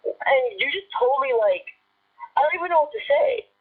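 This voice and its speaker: A woman's voice: high-pitched, big pitch swings, normal speed, very noisy. A young woman on a phone call, angrily scolding the person on the other end. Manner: upset, scolding, indignant. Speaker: caller. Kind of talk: heated phone argument. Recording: muffled phone-line audio.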